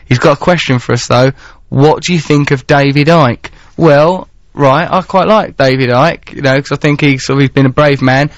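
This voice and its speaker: A man's voice: mid-range voice, moderate pace, few pauses, no room sound. A man in his thirties hosting a radio show in a studio, chatting in a playful, rambling, theatrical way. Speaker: radio host. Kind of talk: casual radio chat. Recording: dry, slightly dull radio broadcast.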